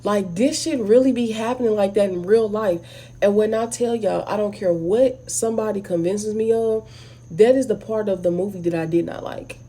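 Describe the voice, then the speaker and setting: A woman with an African American English accent giving a blunt, animated, casual movie review straight to her viewers. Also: medium pitch, normal speed, husky. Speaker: video host.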